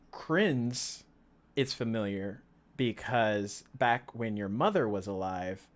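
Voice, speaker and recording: A man running a tabletop game as game master, narrating casually with lots of fillers. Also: fairly low pitch. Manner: laid-back, filler-heavy narration.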